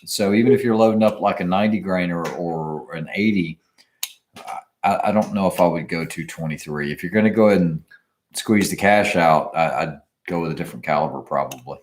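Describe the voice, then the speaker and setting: Lively low-voiced man chatting. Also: fairly quick, a little hiss or hum. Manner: animated, reads viewer questions aloud. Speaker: podcast co-host. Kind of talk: casual chat about shooting.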